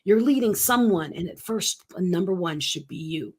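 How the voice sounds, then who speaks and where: Lowish and darkish in tone, slightly rough, this fifties-aged woman's voice stays animated at a moderate pace. She's a guest speaking coach firing off emphatic, punchy motivational bursts in an interview.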